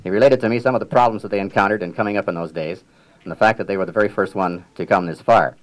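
An older man, a riverboat captain, reminiscing in a measured storytelling manner with dry humor and frequent throat clearing. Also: on the low side, rough recording. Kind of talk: reminiscing public talk.

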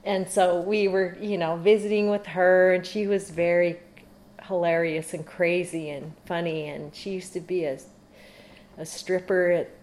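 A woman's voice: on the low side, unhurried. A middle-aged woman being interviewed, telling a long story casually with rambling asides. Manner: rambling, animated, laughs while telling.

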